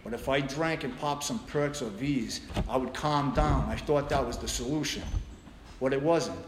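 A man's voice: mid-range voice, normal speed. A middle-aged man telling his recovery story at a meeting, blunt and profane, with many restarts. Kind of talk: personal recovery share. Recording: echoey room with background noise.

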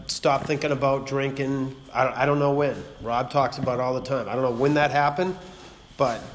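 A man, telling his story to a recovery meeting in a blunt, profane, rambling way that keeps circling back to "you know what I mean.". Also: medium pitch. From Massachusetts. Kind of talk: personal testimony to a group. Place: meeting room. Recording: long hall reverb, faint noise.

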